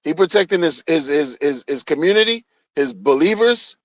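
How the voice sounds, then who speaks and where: A man's voice: fairly high pitch, lively intonation, normal speed, a bit bright, no echo, rough recording. A man streaming a heated solo rant, agitated and profane, often repeating himself.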